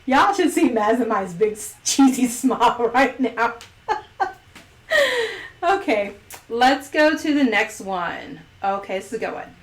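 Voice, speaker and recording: A woman's voice: a little high, lively intonation, takes it slowly, echoey room. A woman hosting a casual livestream chat, playful and giggly as she reads out poll questions. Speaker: host.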